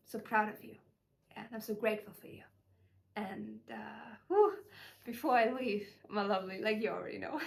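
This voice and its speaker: Gushing, higher-voiced woman channeler. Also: gravelly. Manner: gushing and filler-heavy, warmly emotional. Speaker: spiritual channeler. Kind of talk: casual spiritual message vlog.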